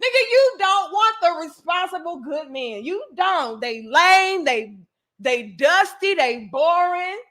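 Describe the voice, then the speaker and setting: A woman's voice: very high voice, animated, slow, a bit bright. A woman hosting a livestream, ranting in a profane, emphatic and exasperated way while reading chat comments. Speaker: host.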